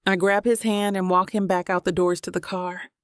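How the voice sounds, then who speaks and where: A woman narrating a romance audiobook in the first person, with steady, even storytelling. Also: medium pitch, normal speed, clean tone, dry recording, studio quality.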